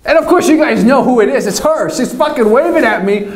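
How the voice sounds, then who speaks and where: A man's voice: extremely high pitch, lively intonation, a little fast. A young man casually telling a rambling, self-mocking story with plenty of swearing. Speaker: vlogger. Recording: echoey room.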